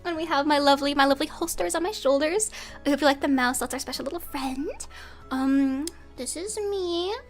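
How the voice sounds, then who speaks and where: Young woman vtuber w/ a high voice, teasing bossy commander bit, faint music behind. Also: brisk. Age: young adult. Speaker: VTuber streamer. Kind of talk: in-character debut stream.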